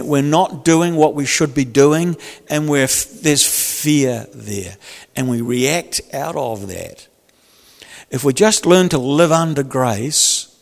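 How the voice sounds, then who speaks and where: A male pastor preaches with an easy, chatty delivery and drops in jokes and acted-out scenes. His voice has a gravelly edge. It rings out with a long echo, like a large church hall. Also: mid-range voice. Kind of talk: sermon.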